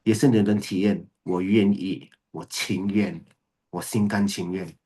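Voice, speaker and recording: A man's voice: sits low, steady tone, a little slow, warm tone. A man giving an earnest, emphatic Buddhist dharma talk, often repeating key words. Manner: earnest, repetitive, emphatic, switches to Mandarin. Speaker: Buddhist teacher. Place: video call recording.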